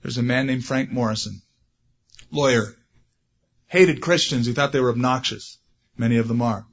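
A man preaching a sermon, animated, growing loud and high when he stresses a point. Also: normal speed, lo-fi sound. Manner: animated, rising loud for emphasis. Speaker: pastor.

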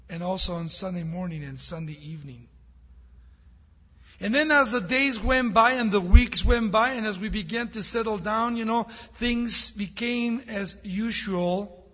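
Husky high-voiced man preaching. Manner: warm storytelling, laughs with audience. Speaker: guest preacher. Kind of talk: sermon with jokes. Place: large church hall. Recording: dull reverberant church hall recording.

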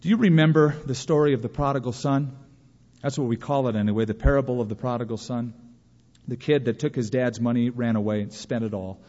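A man preaching a sermon to a congregation, lively and storytelling, acting out imagined complaints in a raised voice. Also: medium pitch, fairly quick. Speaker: pastor. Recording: dull lo-fi sound with long reverb of a large hall.

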